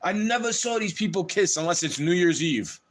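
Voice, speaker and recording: A man's voice: sits high, lively intonation, normal speed. A man on a livestream delivering a heated, profane rant straight to his audience.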